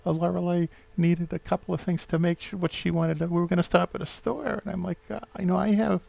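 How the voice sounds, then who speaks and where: A man's voice: high-pitched, steady tone, fast talker, vocal fry, darkish tone, no echo, muffled recording. A man in his fifties with a New England accent rambles sentimentally through a home vlog, full of fillers and restarts. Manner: sentimental, gets openly emotional. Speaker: vlogger.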